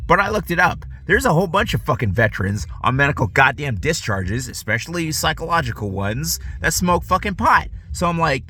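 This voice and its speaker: A man's voice: a little high, very animated, a little fast, few pauses, sharp tone. A man ranting casually to camera, profane and rambling, often restarting his sentences. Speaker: vlogger.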